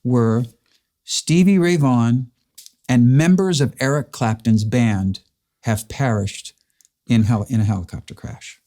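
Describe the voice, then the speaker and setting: A man's voice: mid-range voice, unhurried, dark tone. A man earnestly recounting a personal story in a casual chat, acting out the dialogue. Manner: earnest, emotional, re-enacts dialogue. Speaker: interviewer.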